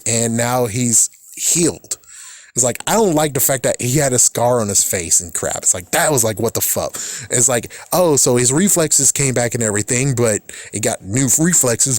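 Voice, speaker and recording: A man talks loosely and at length, often annoyed and quick to swear. His voice sits at an ordinary pitch. The sound is dry and close, with no room echo. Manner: rambling, exasperated, swears often. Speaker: vlogger. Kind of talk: casual rambling film commentary.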